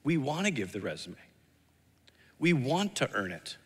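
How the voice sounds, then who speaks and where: A man's voice: medium pitch, very animated, normal speed, fairly bright tone, husky. A man preaching a sermon as pastor, earnest and emphatic, often repeating key lines and acting out quoted voices. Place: church sanctuary. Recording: long hall reverb.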